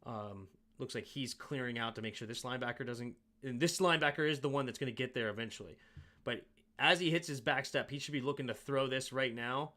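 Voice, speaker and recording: A man's voice: mid-range voice, a little fast, bright, forceful tone. A man hosting a sports show, casually breaking down game film and thinking aloud with self-mocking asides.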